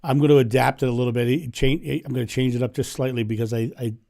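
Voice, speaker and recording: A hoarse man with laryngitis hosting a casual livestream from home, chatting and laughing often into his microphone. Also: mid-range voice, fairly even intonation, fast talker, a little mellow. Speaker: livestream host. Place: home in Ohio. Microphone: microphone turned up.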